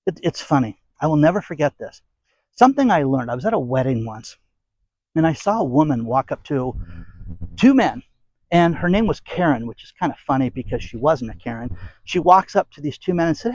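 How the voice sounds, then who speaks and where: Middle-aged guy ranting at the camera, kinda high voice, keeps repeating himself, dry no-echo sound. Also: sing-song, brisk, a little mellow. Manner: blunt, emphatic, repeats phrases; sarcastic asides. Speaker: commentary channel host. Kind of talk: opinionated rant to camera.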